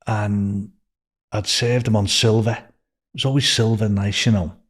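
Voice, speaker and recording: A man's voice: lowish voice, flat delivery, unhurried. An older man with a Liverpool accent, a podcast guest telling long anecdotes with restarts and swearing. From England. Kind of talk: storytelling in a podcast interview.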